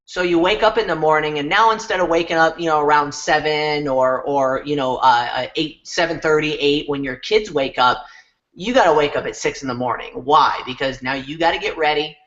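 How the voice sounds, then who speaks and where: A man's voice: fairly high pitch, a little fast. Man telling a motivational story, dull recording. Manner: animated retelling with frequent repeated words. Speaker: guest speaker, business coach.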